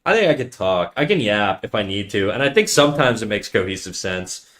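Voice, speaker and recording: A young man live streaming, chatting casually with viewers in a deep, bassy, nasal voice, talking fast with frequent stutters and restarts, swearing and calling everyone dude. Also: lively intonation, a bit bright. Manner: swearing, slangy, calls listeners dude. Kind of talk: casual chat reading viewer comments.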